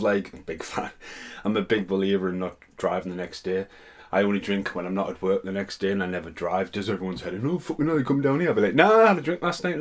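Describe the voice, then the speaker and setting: A young man rambling and swearing as he reacts to voice messages. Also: lowish voice. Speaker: vlogger. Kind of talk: casual reaction commentary.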